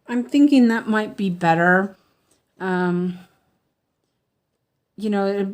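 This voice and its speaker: Female crafter on a casual livestream; unhurried, meandering delivery with slight lisp. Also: lowish voice, a little mellow. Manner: rambling, many fillers and restarts. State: slightly lispy from medicine. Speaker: cross-stitch livestreamer. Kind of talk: casual livestream chat while stitching.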